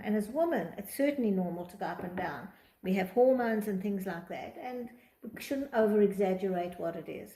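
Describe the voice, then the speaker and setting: A woman with a mellow, mid-range voice teaches a Torah psychology class, reading from a text and explaining it while acting out quoted thoughts in different tones. The room sounds echoey.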